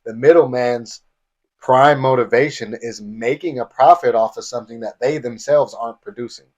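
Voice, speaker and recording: A man's voice: medium pitch, moderate pace. A man co-hosting a podcast in casual spiritual chat, reflective, building his points as lists. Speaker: podcast co-host.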